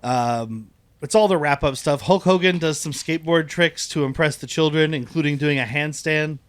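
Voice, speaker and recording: A man, a podcast co-host, recapping a movie in casual chat, jokey and quick to laugh. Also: fairly high pitch. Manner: jokey, laughs often, slips into silly voices.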